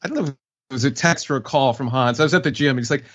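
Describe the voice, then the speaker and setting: A man's voice: mid-range voice, very fast, a bit bright, highs cut off. A man who narrates audiobooks, answering interview questions in a chatty, easygoing way with frequent laughs. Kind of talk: casual interview talk.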